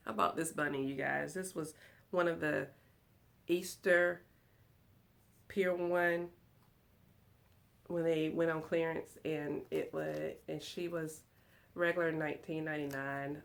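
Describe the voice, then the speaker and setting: A woman vlogging from her lounge room at home, chatting excitedly and giggling as she talks to her viewers. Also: low voice, takes it slowly, gravelly, pauses often. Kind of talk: casual chat to viewers.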